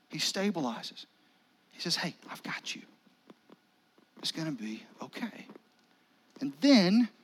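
Man, pastor, high voice, conversational sermon, drops to hushed whispers. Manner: conversational, dramatic pauses, drops to a near whisper.

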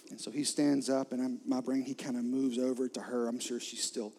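A man preaching a sermon, retelling a scripture story vividly and swinging from loud emphasis to soft, near-whispered lines. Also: medium pitch, little pitch movement, fairly quick, a little hiss or hum. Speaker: pastor.

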